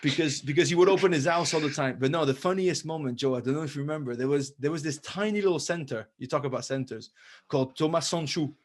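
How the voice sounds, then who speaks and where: A man with a fairly high speaking voice, chatting as a podcast guest. He tells his anecdotes with energy and often breaks into laughter as he goes. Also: fast. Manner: animated storyteller who laughs through his anecdotes. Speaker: guest, former rugby player. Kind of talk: casual podcast chat, storytelling.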